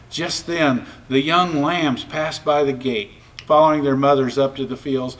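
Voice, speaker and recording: A man reading a children's storybook aloud with expressive, varied narration. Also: a little high, unhurried, distant mic. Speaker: storybook reader.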